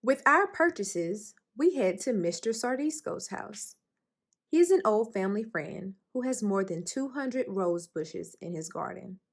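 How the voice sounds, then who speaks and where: A woman's voice: medium pitch, lively intonation, a little slow, gravelly, breathy edge. A woman reading a children's picture book aloud for storytime, raising her voice expressively for the characters' lines. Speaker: storytime reader.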